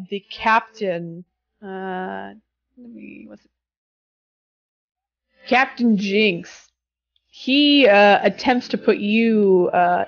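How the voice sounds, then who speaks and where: A woman's voice: mid-range voice, muffled recording. A woman running a tabletop game as game master, narrating scenes vividly.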